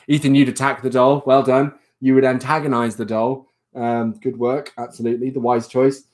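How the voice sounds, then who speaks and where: A man's voice: little pitch movement, normal speed, a little mellow. Chatty man hosting a livestream. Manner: rambling, chatty, laughs often, reads out viewer comments; coos in a high baby voice at a pet rabbit. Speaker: livestream host. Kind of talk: casual livestream chat.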